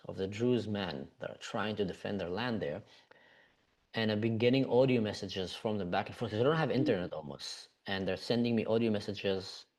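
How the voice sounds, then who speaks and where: A man from Israel, a podcast guest, earnestly recounting events with frequent "you know" fillers. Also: on the low side.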